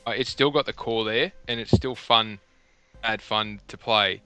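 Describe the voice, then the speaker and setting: A middle-aged man, hosting a casual gaming podcast and rambling through animated stories. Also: on the low side, a little slow, smooth, soft background music. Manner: rambling, animated storytelling with restarts. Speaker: podcast host. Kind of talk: casual chat. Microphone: headset.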